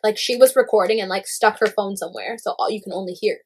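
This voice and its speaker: A young woman in casual gossip chat, animated and full of "like" fillers, swearing freely. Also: mid-range voice, fast, a little hiss or hum.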